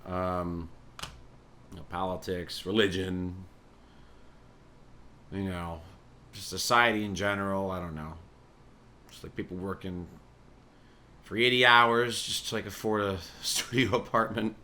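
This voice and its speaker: A man's voice: low-pitched, steady tone, unhurried, pauses often, pushed and bright. A man hosting a podcast, telling a rambling comedic monologue full of swearing and chuckling asides. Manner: profane, meandering, chuckling asides. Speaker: podcast host and musician.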